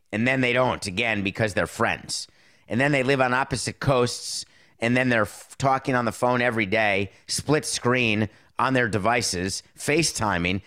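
A middle-aged man hosting a casual talk show, riffing sarcastically on movies and sports, jumping between loud outbursts and muttered asides. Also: medium pitch. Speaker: show host.

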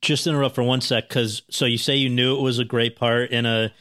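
A male interview host asks long, winding questions that circle back and restart. His voice is mid-pitched and sounds dry and close, with no room around it. He keeps a casual, conversational tone. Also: little pitch movement, fairly quick, fairly bright tone, dry recording.

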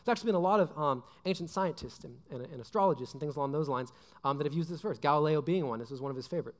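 A man's voice: on the high side, lively intonation, very fast. A young adult man giving a casual sermon, chatty and full of fillers like "like" and "right?". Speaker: preacher. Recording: long hall reverb.

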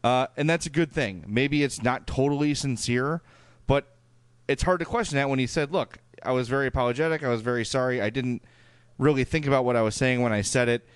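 A man's voice: medium pitch, a little fast, smooth, dry recording. Chatty Chicago man reading listener emails. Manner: chatty, full of fillers and restarts. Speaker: podcast co-host.

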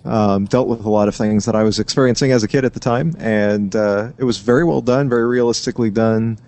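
A man with a fairly low voice talks through his thoughts on a podcast. He hesitates and restarts often, and he slips in dry little jabs at his co-host. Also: steady tone, fairly quick, darkish tone. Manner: hesitant, filler-heavy, dry teasing. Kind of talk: casual chat.

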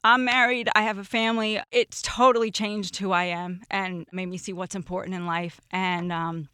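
A woman's voice: mid-range voice, moderate pace, clear, resonant tone, no room sound, clean studio sound. Emotional woman telling stories on a podcast. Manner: emotional, expressive storyteller. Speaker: guest, former roommate. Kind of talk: casual podcast storytelling.

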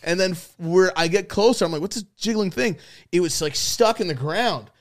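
Young man, podcast co-host, casual chat, animated storyteller, swears a lot, slightly high voice. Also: brisk. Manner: animated storytelling, acts out quotes, heavy swearing.

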